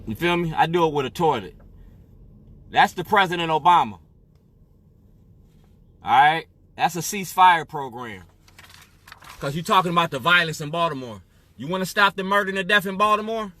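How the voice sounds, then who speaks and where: A man's voice: fairly high pitch, lively intonation, normal speed, long pauses, pushed and bright. A man from Illinois speaking straight to camera in an emphatic monologue. He keeps asking "you feel me?". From Waukegan area, Illinois, US. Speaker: activist.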